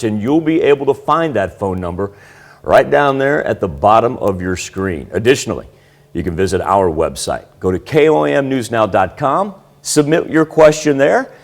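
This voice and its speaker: A man giving a morning TV weather forecast in an upbeat, conversational manner. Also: on the low side.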